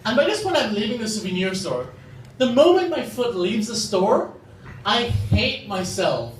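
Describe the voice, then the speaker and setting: A young man performing an open-mic stand-up set, telling self-deprecating stories in an animated way. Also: very high voice, moderate pace. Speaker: stand-up comedian. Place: open-mic comedy venue. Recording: roomy, distant, noisy live-venue recording. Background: audience laughter.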